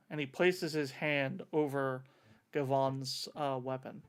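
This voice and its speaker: A man's voice: mid-range voice, steady tone, takes it slowly, clear, resonant tone, soft background music. A man running a tabletop role-playing game, narrating what characters do and speaking their lines in his own voice. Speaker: game master.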